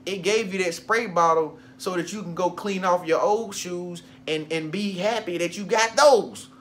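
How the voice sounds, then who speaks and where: A man's voice: high-pitched, normal speed, a bit bright. A man vlogging a loose, conversational motivational talk, repeating phrases for emphasis.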